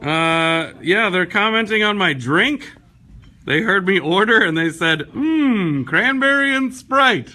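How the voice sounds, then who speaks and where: A man running the camera in a comedy club, tipsy and relaxed, calling out to the comedian from far off. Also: high-pitched, slow. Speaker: camera operator. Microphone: far from stage mic.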